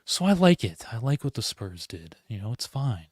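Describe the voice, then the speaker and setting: A man's voice: mid-range voice, very animated, moderate pace, no room sound, studio quality. A man hosting a live solo sports reaction stream, rambling, interrupting himself and talking to his chat. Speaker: podcast host.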